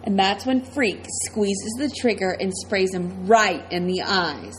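Casting: woman audiobook narrator, mid pitch, dramatic first-person delivery. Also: takes it slowly, slight background noise, rough recording. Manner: tense, dramatic storytelling.

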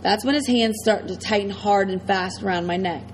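Casting: woman audiobook narrator, mid pitch, dramatic first-person delivery. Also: moderate pace, slight background noise, poor audio. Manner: tense, dramatic storytelling.

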